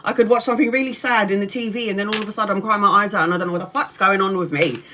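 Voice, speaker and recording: A woman's voice: mid-range voice, racing, sharp tone, slight background noise. A woman, chatting casually on a tarot livestream, swearing freely and laughing often. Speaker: tarot reader.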